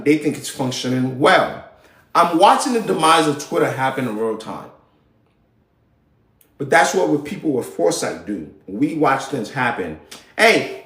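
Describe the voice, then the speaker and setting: A man's voice: on the high side, fairly bright tone, reverberant. A man hosting a live show, ranting about politics in a heated, slangy, profane way. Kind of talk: casual political rant.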